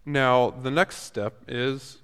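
Man teaching, relaxed and conversational, paraphrasing scripture with halting restarts; voice trails in a long hall echo. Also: medium pitch, clear, resonant tone. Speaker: Bible teacher. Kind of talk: casual Bible lesson.

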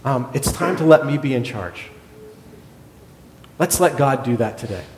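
Animated storytelling pastor in an echoey hall. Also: male voice, a little slow. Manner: animated storyteller, acts out other people's lines. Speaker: pastor, former hospital chaplain. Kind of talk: sermon storytelling. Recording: echoey hall with a faint rumble.

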